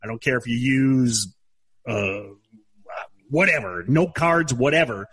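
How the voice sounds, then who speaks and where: A man's voice: medium pitch, unhurried, a bit bright, husky. A middle-aged man co-hosting a podcast in casual chat, rambling and often repeating himself as he thinks. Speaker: podcast co-host.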